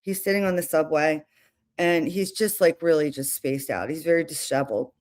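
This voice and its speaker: A woman's voice: sits low, normal speed, a little mellow. A woman hosting a casual livestream, talking in a chatty, rambling way with restarts and asides. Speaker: livestream host.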